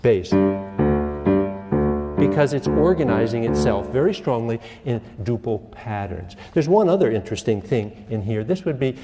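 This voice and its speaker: A man's voice: medium pitch, normal speed, in a large hall. A man teaching a music class, asking the students questions and humming rhythms to show the beat. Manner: lively, asks questions, hums rhythms. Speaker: music lecturer. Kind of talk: classroom lecture.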